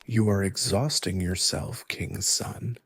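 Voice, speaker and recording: A man voicing a clever young woman, a giant's daughter, who calmly instructs the hero, in soft ASMR storytelling. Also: deep voice, slow pace, creaky, breathy edge, no room sound, heavily acted.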